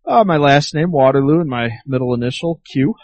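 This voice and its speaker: A man's voice: medium pitch, lively intonation, brisk, no echo, lo-fi sound. A man co-hosting an aviation podcast, chatting in an easygoing way and laughing along. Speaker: podcast co-host, pilot. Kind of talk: casual aviation podcast chat.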